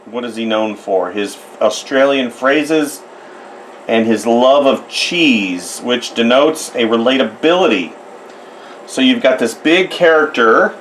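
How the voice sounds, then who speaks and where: Slow, chatty American art tutor man. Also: medium pitch, a little hiss or hum, rough recording. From United States. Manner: rambling, chatty, self-deprecating asides. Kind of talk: casual drawing tutorial narration.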